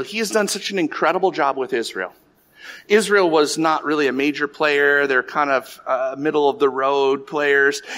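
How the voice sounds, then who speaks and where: A middle-aged man preaching a sermon, telling stories in an animated way with many restarts and asides to the congregation. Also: on the high side. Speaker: pastor.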